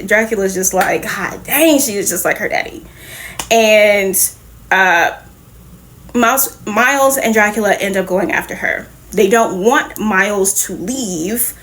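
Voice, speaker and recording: A woman hosting a casual comic book review, retelling the story in a lively, profane way with quick laughs. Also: medium pitch. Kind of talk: casual recap and reaction.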